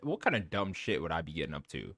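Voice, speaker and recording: Podcast co-host, male, low voice, very lively swings, bright dry sound. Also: fast talker, no echo. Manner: animated, laughing, swearing storyteller. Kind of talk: casual chat.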